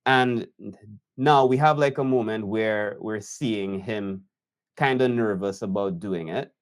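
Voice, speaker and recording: Brief: reflective male editor talking through a video, slightly low pitch, appreciative tone. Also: smooth. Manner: thoughtful, admiring, unhurried. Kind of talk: reaction commentary.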